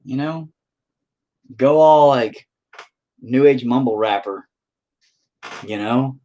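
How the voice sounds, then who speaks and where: Taking it slowly and pausing often, a man with a mellow, medium-pitched voice paints on a livestream. He reads the chat and rambles to viewers in a casual, profane, self-deprecating way.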